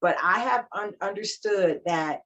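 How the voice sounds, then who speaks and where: A woman in her forties, a life coach, talking about her life as a podcast guest, animated and emphatic. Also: mid-range voice, measured pace. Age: 40s. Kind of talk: casual interview chat. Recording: slightly dull lo-fi sound.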